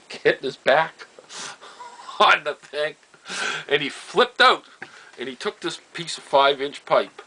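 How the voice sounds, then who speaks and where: Sharp-toned and mid-range, an older Nova Scotian storyteller casually shares family memories, laughing often, chuckling in asides, and trailing off into repeated phrases. The recording quality is low.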